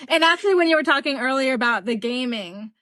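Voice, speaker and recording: A woman hosting a casual podcast with a high, bright voice, eager and enthusiastic in her questions. She is recorded dry, with no room sound. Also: animated, quick pace, dry recording. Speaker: podcast co-host. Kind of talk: casual interview chat.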